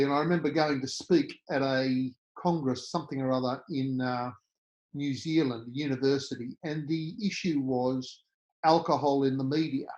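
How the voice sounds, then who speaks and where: This is a middle-aged man with an Australian accent, telling stories as a guest on a podcast. His voice sits a little higher than most men's. He talks like a born raconteur, throwing himself into every voice he quotes. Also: low-quality recording. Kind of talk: storytelling interview.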